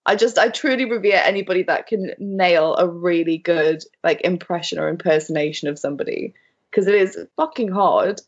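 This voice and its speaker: A young woman in casual podcast chat, animated and giggly, filling her talk with "like". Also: lowish voice, normal speed, husky, lo-fi sound. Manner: giggly, animated, says like a lot. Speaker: podcast co-host.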